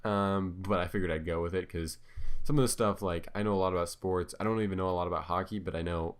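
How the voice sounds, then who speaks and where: Deep-voiced man rambling through casual commentary. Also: fairly even intonation, quick pace, clean tone. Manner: filler-heavy, hesitant, self-correcting. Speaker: commentator on his own videos.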